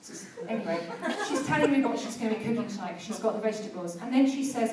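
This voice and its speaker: A woman's voice: a little high, expressive, fast, a loud crowd. A woman preacher giving a sermon and prayer, telling stories in a conversational way and building to fervent exhortation. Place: church hall. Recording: very echoey church hall, heard from a distance.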